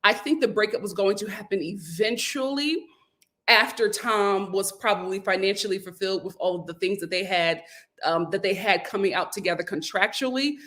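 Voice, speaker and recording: A woman hosting a casual vlog, recapping a reality show with animated, opinionated commentary and frequent laughter. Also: mid-range voice.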